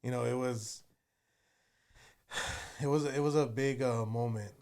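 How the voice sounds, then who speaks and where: A man's voice: medium pitch, fairly even intonation, slow, darkish tone. A man, telling stories as an interview guest, rambling with many fillers. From Texas. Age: 30s. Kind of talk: casual storytelling.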